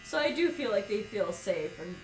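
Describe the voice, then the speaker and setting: A woman cutting a man's hair at home, chatting and telling lively stories with plenty of laughter. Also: mid-range voice, normal speed, distant mic, slight background noise. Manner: lively, animated storyteller who laughs often. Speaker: hairstylist. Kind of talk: casual storytelling chat. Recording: echoey room, voice off-mic. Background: electric clippers buzzing.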